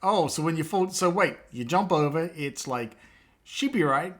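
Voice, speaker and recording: A man on a live stream, bantering easily with his viewers and breaking into laughter between remarks. His voice sits a little higher than most men's, and the talk stays loose and playful. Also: animated, moderate pace. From England. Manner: joking banter, laughs often. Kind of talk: casual chat with live chat viewers.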